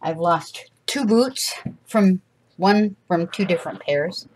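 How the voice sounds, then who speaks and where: A woman's voice: on the low side, slow pace, a little hiss or hum. A woman, chatting casually and rambling with laughs while she crafts for her channel. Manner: rambling, chatty, laughs often, acts out little quoted voices.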